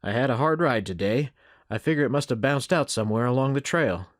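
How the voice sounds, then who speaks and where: A man's voice: medium pitch, animated, fairly quick, no room sound, lightly acted. A man playing a polite, plain-spoken wandering cowboy, close to his own voice. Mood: easygoing.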